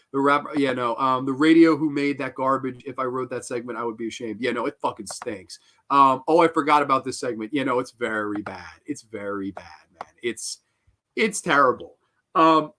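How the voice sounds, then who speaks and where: A man's voice: a little high, sharp tone. A man hosting a live horror review show, ranting with profanity and exasperation, full of fillers and restarts. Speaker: host. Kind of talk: live-stream review rant.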